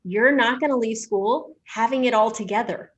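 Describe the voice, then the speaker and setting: A woman's voice: fairly high pitch, normal speed. A middle-aged woman co-hosting a podcast, a dental hygienist telling stories in casual chat with lots of "you know". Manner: chatty storyteller, frequent "you know".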